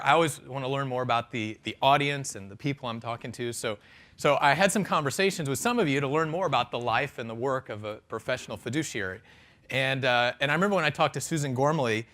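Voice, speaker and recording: A man delivers a conference keynote in a relaxed, friendly way, often restarting sentences and adding fillers. His voice sits at a middle pitch, and he speaks on a microphone in a conference hall. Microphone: handheld or stand microphone.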